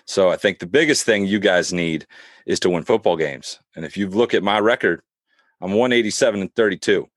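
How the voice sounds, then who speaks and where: A man's voice: low voice, brisk, dry recording, clean studio sound. A man playing a brash, boastful male football coach with a put-on Southern drawl. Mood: cocky. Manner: cocky, swaggering. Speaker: podcast co-host.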